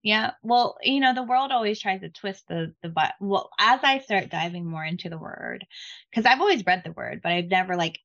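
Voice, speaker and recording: A woman guest in a casual faith chat, talking excitedly with many fillers and restarts. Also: medium pitch, moderate pace, lo-fi sound. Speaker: podcast guest.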